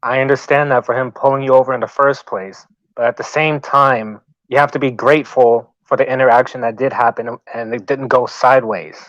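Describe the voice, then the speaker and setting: A man's voice: mid-range voice, fairly even intonation, brisk, fairly bright tone, dry recording. Blunt lecturing man, dull sound. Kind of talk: casual livestream argument.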